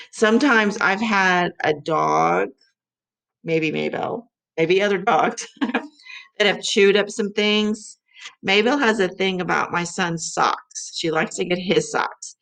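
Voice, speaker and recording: Slow, gravelly-voiced woman teacher. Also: lowish voice, fairly bright tone. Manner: slow, sounding out letters and syllables. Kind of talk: vocabulary lesson for young children.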